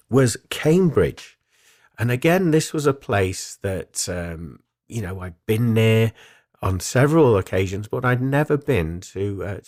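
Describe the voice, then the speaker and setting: Calm low-voiced man telling a story. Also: no room sound, studio quality. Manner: calm, reflective, with frequent ums. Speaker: spiritual medium and radio host. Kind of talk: solo radio talk, personal storytelling.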